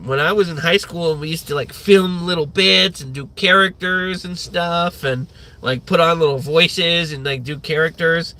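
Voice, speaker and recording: A man's voice: a little high, normal speed, bright, forceful tone. A man in his thirties hosting a livestream, ranting in a rambling way with lots of swearing and filler words. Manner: rambling, profane, many fillers. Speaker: livestream host.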